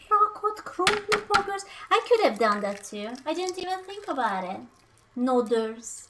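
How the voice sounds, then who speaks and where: Very high and sing-song, a young woman's fairly bright voice carries her playful, unhurried chatter on a live cooking stream. She breaks into silly sing-song noises, and there's slight background noise.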